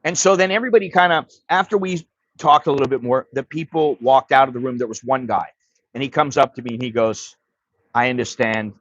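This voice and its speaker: A man's voice: medium pitch, quick pace, no echo, lo-fi sound. A man hosting a livestream, telling a story in a blunt, profane, casual way. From United States. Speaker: livestream host.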